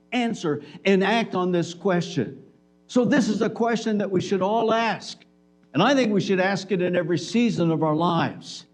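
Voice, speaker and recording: A man with a fairly high voice preaching a sermon in a church. He talks to the congregation conversationally. He slips into acted-out bits of dialogue to make his point. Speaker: pastor.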